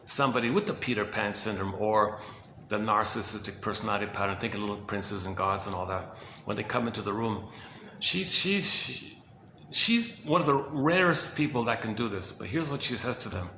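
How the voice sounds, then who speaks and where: Gravelly low man rambling in echoey room. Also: animated, moderate pace. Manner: meandering, self-correcting, chuckles softly. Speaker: host presenting quotes. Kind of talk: casual rambling talk. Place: indoor room. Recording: echoey room with background noise.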